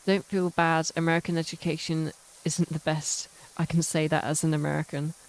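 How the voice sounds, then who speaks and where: A woman's voice: deep voice, little pitch movement, moderate pace. A British woman streaming a game, chatting casually in rambling, self-mocking tangents. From United Kingdom. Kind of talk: casual chat while playing a game.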